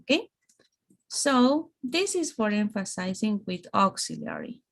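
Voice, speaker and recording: A woman teaching English grammar in an online lesson, speaking slowly and explaining through examples. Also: mid-range voice, big pitch swings, creaky.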